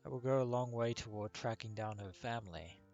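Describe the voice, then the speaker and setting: Guy reading game text out loud on his let's play, mid voice, faint music under. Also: mid-range voice, fairly quick, muffled recording. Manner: steady reading, with uh fillers when commenting.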